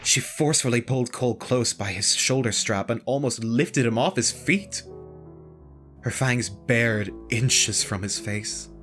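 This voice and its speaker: Bright, steady visual novel narrator. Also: mid-range voice, unhurried, faint music behind. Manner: steady, dramatic storybook narration.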